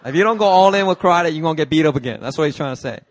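A man's voice: on the high side, rapid-fire. A man preaching a sermon. He tells a story with lots of energy and acts out the characters with voices he puts on. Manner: animated, acts out movie characters with put-on voices. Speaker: pastor. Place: church hall, dry sound.

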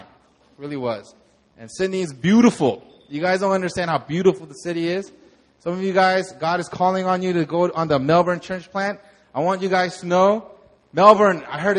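A young man, a pastor, telling a lively sermon testimony and acting out the moments in his story. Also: high voice, moderate pace. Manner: animated storytelling, acts out shouts.

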